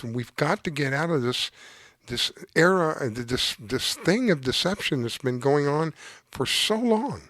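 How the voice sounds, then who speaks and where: A man's voice: on the high side, dry recording. A man hosting a show, delivering earnest, preachy political commentary from his desk at home. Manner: earnest, preachy, emotionally worked up. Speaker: show host. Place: home desk with dog underneath.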